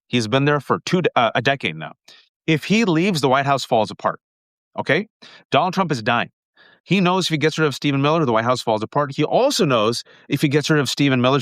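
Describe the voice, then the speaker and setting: A middle-aged man with a New York accent hosting a live political commentary stream, talking rapid-fire and emphatic, calling his viewers folks. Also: medium pitch, a bit bright, no echo, studio quality. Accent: New Yorker. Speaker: political commentator and show host.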